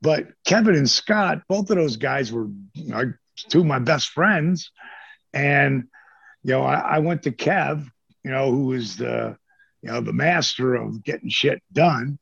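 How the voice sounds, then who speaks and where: Middle-aged man, gravelly husky voice, animated storyteller, dull dry lo-fi recording. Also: medium pitch, measured pace, no echo. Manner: animated storyteller who acts out quotes, swears freely. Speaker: guest, former pro wrestler. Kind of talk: casual storytelling interview.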